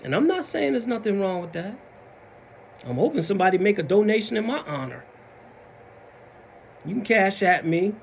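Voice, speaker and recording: A man's voice: sits high, sing-song, normal speed, gravelly, long pauses, a little hiss or hum. A man with a Southern US accent talking casually in a motivational vlog, acting out other people's mumbled excuses. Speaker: vlogger.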